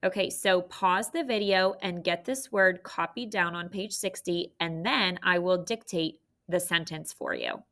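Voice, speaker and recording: A woman teaching a recorded phonics lesson to children, encouraging and clearly sounding out syllables. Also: lowish voice, expressive, measured pace, hardly any pauses, a bit bright.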